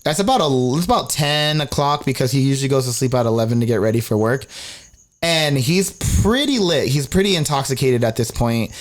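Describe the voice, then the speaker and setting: A young man co-hosting a podcast, telling a story in casual chat, animated, swearing freely and acting out quotes with big jumps in pitch. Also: fairly quick. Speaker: podcast co-host.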